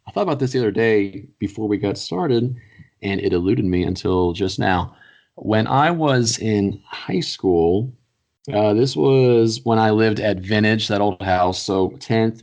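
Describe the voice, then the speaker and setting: A young man co-hosting a podcast, talking in a blunt, profane and animated casual chat. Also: on the low side, a little slow, highs cut off. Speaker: podcast co-host.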